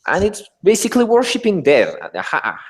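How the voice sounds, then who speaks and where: A man from Mexico with a British-tinged, non-native English accent, a livestream guest who talks haltingly with many restarts. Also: sits high, huge pitch swings, slight background noise. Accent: British-tinged, not native. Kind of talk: casual livestream chat.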